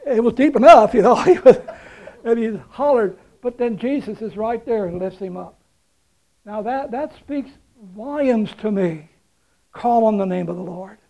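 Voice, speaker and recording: A man's voice: sits high, normal speed, creaky, dark tone, rough recording. A man preaching a sermon, retelling a story in a folksy, conversational way with chuckles and emphatic repetition.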